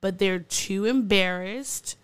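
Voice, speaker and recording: A woman's voice: mid-range voice, takes it slowly, clean tone, no echo. A woman co-hosting a podcast, telling odd news stories in a rambling, giggly casual chat. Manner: giggly, rambling with fillers and restarts. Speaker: podcast co-host.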